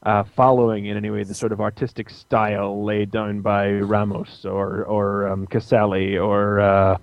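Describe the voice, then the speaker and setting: A man's voice: lowish voice, level tone, vocal fry, no echo, lo-fi sound. A man co-hosting a casual podcast, talkative and opinionated about what he reviews. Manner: talkative, opinionated, quick asides. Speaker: podcast co-host, comics reviewer.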